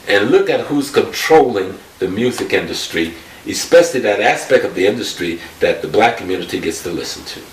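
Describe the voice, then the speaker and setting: A man's voice: lowish voice, animated, fairly quick. A man talking earnestly, explaining a point. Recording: distant echoey room with hiss.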